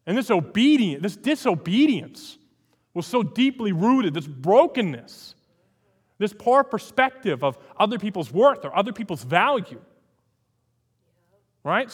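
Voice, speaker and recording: A man's voice: high-pitched, big pitch swings, a little slow, slightly rough, big-room sound. A man preaching a sermon as pastor, emphatic, repeating phrases for emphasis.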